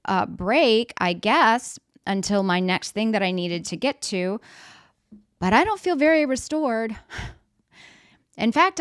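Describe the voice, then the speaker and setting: A middle-aged woman speaks from the stage with a smooth, clear voice, recorded close and dry. She keeps it conversational, playing out little everyday scenes and asking the audience questions as she goes. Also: medium pitch, no echo. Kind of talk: motivational stage talk.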